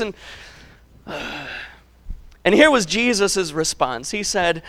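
A man's voice: high voice, lively intonation, very slow, long pauses, pushed and bright. A male preacher giving a sermon in an emphatic, conversational way, stacking words for emphasis and chuckling at himself.

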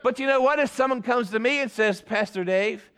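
Man, pastor, sermon in church, high voice, smooth clear tone, emphatic. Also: fast. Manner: emphatic, swings between loud and soft.

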